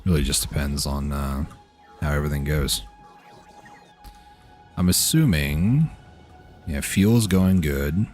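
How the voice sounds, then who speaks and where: A man's voice: a bass voice, slow, long pauses, soft background music. A man streaming a game, talking casually to himself as he plays. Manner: relaxed, muttering to himself while playing. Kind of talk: casual gameplay commentary.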